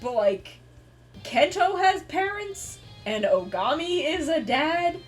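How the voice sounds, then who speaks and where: A woman streamer in casual chat, animated and swearing freely with many fillers. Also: extremely high pitch, takes it slowly, soft background music.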